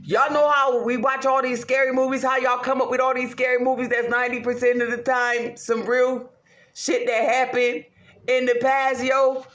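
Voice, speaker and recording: A woman ranting casually to her viewers, swearing heavily, animated and laughing often. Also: high voice, moderate pace. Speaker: vlogger. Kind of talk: casual rant to camera. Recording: roomy echo.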